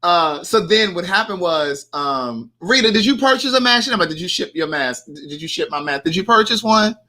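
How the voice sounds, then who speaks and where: During a laid-back live chat, a young male host spins a story and voices each person's lines himself. He speaks high and sharp at a moderate pace, with lively intonation.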